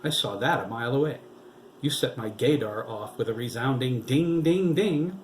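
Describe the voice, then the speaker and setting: Male reader voicing a lisping campy male tailor, theatrical and flirty, a little higher than the narration. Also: animated, moderate pace, slight background noise, lightly acted. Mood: teasing. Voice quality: lisp.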